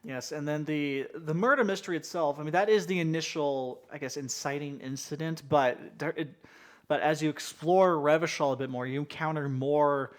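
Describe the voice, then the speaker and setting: Higher-pitched man hosting a chat. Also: moderate pace. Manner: leads with questions, rambling restarts. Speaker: podcast host. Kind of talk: casual chat.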